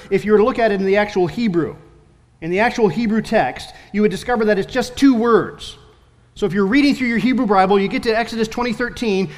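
A male pastor with a fairly high voice delivers an earnest sermon, leaning on key words and slowing down for emphasis. His voice rings out through a church sanctuary with a long, lingering reverb. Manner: earnest preaching with emphatic slowed phrases.

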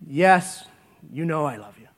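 A preacher doing a cornered, denying disciple. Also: male voice, animated, a little fast. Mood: contrite. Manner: hushed and low when confessing, loud when denying. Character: frightened fisherman disciple, denying then hushed and contrite.

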